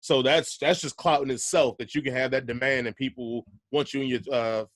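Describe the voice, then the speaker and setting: A man's voice: mid-range voice, fairly even intonation, a little fast, no echo. A man hosting a casual podcast, chatty and laid-back, laughing easily between points. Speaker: podcast host.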